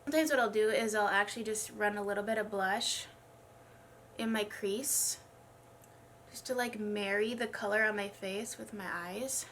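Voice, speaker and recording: Slight background noise accompanies a medium-pitched, somewhat bright voice with fairly even intonation at normal speed. The speaker is a young beauty vlogger chatting casually as she does her makeup in a get-ready-with-me clip, sounding congested, struggling a bit to talk, rambling and making fun of herself.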